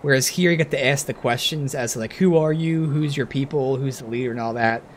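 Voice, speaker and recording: A man streaming a game, commenting casually and thinking aloud with sudden bursts of excitement. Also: mid-range voice, brisk, a little hiss or hum.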